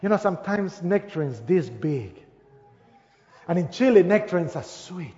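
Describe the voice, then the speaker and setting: A man preaching a sermon as pastor in a large church, swinging from loud emphatic declarations to soft, hushed asides. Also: high voice, animated, normal speed. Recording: echoey church hall, slightly dull sound. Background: long reverb of the hall.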